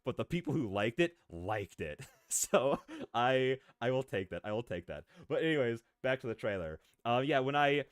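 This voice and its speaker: A man streaming as a VTuber, chatting casually with his viewers in an excitable, rambling way, drifting off on tangents and laughing often. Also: mid-range voice, normal speed, dry recording, clean studio sound. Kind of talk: casual live-stream chat, answering viewers.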